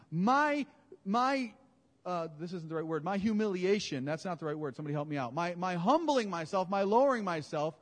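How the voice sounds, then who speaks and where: A man preaching a sermon in a conversational, animated way, often correcting his own words. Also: on the high side. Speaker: pastor. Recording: long hall reverb.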